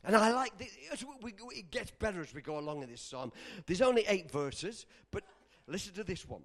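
A man preaching a sermon, animated and bursting into shouts at moments of emphasis. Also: fairly high pitch, a little fast, few pauses.

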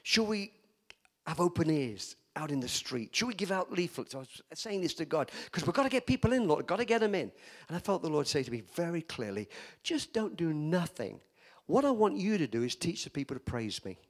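A man's voice: on the high side, normal speed. An older man, a pastor, preaching by telling a personal story and acting out the dialogue. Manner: animated storyteller, acts out dialogue, rises to loud emphatic declarations. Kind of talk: sermon storytelling.

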